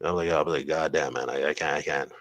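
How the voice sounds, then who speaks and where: A man's voice: extremely low pitch, steady tone, quick pace, fairly bright tone. A man hosting a casual podcast, rambling and swearing, full of fillers like "like" and "man". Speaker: podcast host. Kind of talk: casual solo podcast chat.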